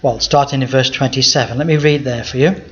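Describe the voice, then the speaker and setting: Pastor preaching, lo-fi sound. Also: male voice, medium pitch, fairly even intonation, fairly quick. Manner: emphatic, rhetorical questions to the congregation. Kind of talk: Bible teaching sermon. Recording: dull lo-fi recording.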